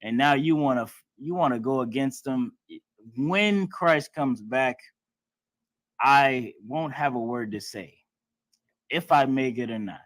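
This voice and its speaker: A man's voice: mid-range voice, slow pace, fairly bright tone, no echo. A man teaching a class in a preaching style, emphatic and blunt, with casual everyday speech and some swearing. He acts out other people's lines in mocking tones.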